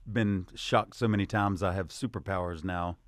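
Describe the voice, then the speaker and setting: Low-voiced male guest, relaxed and wry, close dry mic. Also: moderate pace, no echo. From South Carolina, USA. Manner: easygoing, wry, dry humor. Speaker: musician guest. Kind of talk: casual interview chat.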